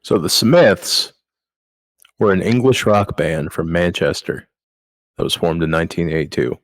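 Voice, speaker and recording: Man, very low voice, dry mic, podcast host, crude joking chat. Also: normal speed, no echo. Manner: crude, joking, bossy with co-hosts. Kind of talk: casual comedic chat.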